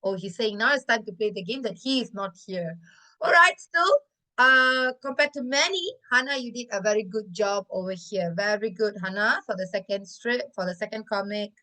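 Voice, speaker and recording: A woman's voice: mid-range voice, moderate pace, sharp tone, rough recording. A woman teacher, talking to her class and slipping between English and Malay with frequent fillers. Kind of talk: classroom lesson, reviewing student comics.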